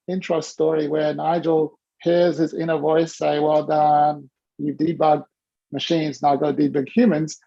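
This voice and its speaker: A woman hosting a casual video-call workshop, talking in a playful, teasing, animated way. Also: low-pitched, creaky, lo-fi sound. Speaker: host and coach.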